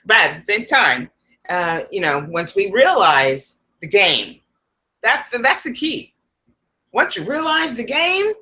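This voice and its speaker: Bright-voiced woman psychic rambling. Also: medium pitch. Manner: rambling, laughs often, talks to viewers. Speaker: psychic advisor. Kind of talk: casual rambling vlog talk.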